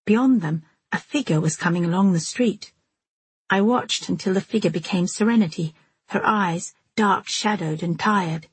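A woman reading a first-person novel aloud as an audiobook narrator, in a measured, steady manner. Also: on the low side, breathy edge, no room sound.

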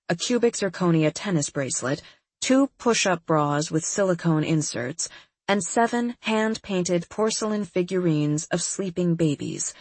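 A woman with a husky voice reading a first-person novel in a wry, detached manner. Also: fairly low pitch, darkish tone, no echo. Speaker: audiobook narrator. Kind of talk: scripted first-person narration.

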